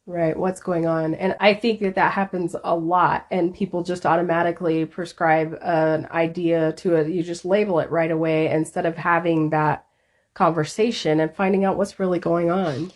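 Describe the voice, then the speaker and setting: Lower-voiced woman podcast co-host. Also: little pitch movement, moderate pace. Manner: agreeable, frequent short affirmations. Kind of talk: casual chat.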